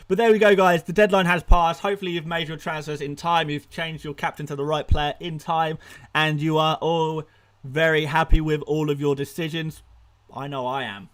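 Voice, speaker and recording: Hosting a live stream, this young man covers fantasy football and fires back rapid replies to his viewers' questions. His slightly high voice is excitable and full of laughter, occasionally breathless.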